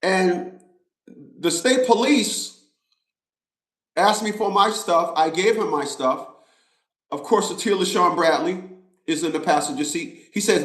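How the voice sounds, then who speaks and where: A man's voice: high voice, lively intonation, measured pace, long pauses. A man talking straight to his viewers in a casual monologue, emphatic and repetitive, like a preacher. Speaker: vlogger. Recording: roomy echo.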